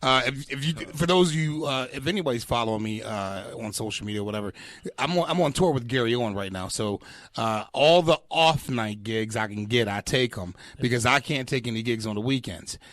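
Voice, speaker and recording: A man in his forties, a stand-up comic guest on a podcast, talking in an animated, profane way with frequent laughs and repeated words. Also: medium pitch, a little fast, no echo. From Pittsburgh area. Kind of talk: casual chat.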